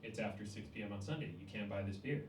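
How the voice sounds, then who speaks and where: A man voicing a blunt, impatient woman cashier with a flat, curt, lecturing manner. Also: fairly low pitch, fast talker, slight background noise, pitched below the performer's own voice, lightly acted. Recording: echoey cafe room, distant mic.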